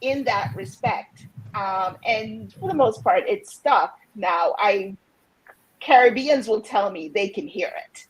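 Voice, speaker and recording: Husky woman panelist from a Jamaican family. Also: medium pitch, animated, takes it slowly, poor audio. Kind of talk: casual panel discussion.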